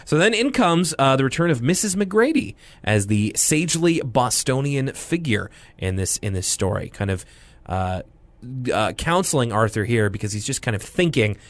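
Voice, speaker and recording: Animated young man hosting a podcast. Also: mid-range voice, dry recording. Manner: enthusiastic, jokey, says "dude". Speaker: podcast co-host. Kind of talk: casual podcast chat.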